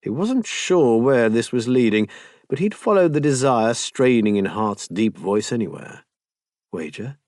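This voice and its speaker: Expressive male audiobook narrator. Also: medium pitch, a little slow, dry recording, studio quality.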